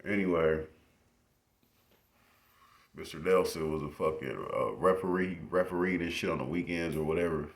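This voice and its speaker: A man's voice: low-pitched, moderate pace, long pauses. A young man casually telling stories into his phone, swearing freely and laughing as he goes. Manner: profane, laughing, animated retelling. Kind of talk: casual storytelling.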